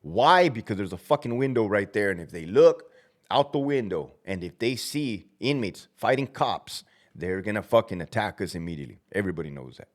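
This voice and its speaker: Man in his thirties, low voice that swings widely, profane casual storyteller who barks out commands mid-story. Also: expressive, a little fast. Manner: profane, blunt, laughs at himself, acts out shouted commands. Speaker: former prison officer telling stories.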